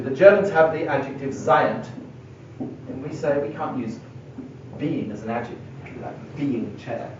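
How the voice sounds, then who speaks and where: A man's voice: a little high, a little hiss or hum. A middle-aged man giving a university philosophy lecture, thinking aloud and stressing key words as he writes on a board. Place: lecture room. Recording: echoey lecture hall, mic far away, dull and lo-fi.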